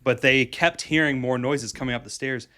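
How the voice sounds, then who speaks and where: A man co-hosting a podcast, telling a story in casual, animated chat with quick asides and restarts. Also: medium pitch. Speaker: podcast co-host.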